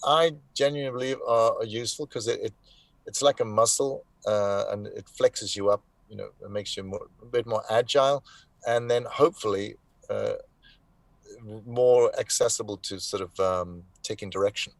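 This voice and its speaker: A man's voice: fairly low pitch, normal speed, creaky, no room sound. A man in his sixties from South Africa, a voice actor chatting as a guest over a video call, rambling with many fillers and restarts, wry and frank. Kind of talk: casual live interview chat.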